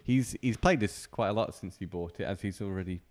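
A man's voice: lowish voice, fairly quick, darkish tone. A man co-hosting a podcast, teasing his friend and prodding him with questions. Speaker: podcast co-host. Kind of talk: casual chat.

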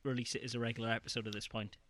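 Bright, forceful man rambling casually. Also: mid-range voice, little pitch movement, very fast, no room sound. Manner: rambling, laughs often mid-sentence. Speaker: podcast co-host. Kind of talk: casual chat.

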